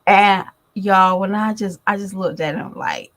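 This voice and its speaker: A middle-aged mother talking to her viewers in a chatty, animated storytelling way. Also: mid-range voice, normal speed, gravelly, hardly any pauses, slight background noise, poor audio. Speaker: vlogger and mother. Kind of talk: casual chat to viewers.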